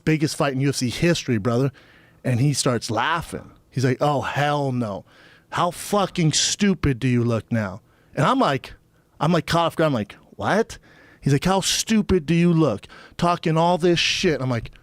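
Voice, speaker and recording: A man's voice: fairly high pitch, no echo. A man talking as a podcast guest, telling a story in casual chat and acting out both sides of the exchanges he recalls. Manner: animated, acts out quoted exchanges.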